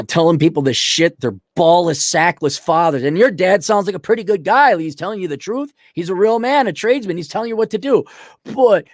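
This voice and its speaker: A man's voice: high voice, moderate pace, no echo, studio quality. Profane, mocking man ranting. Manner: profane, mocking, blunt and loud. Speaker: host. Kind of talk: ranting commentary to an audience.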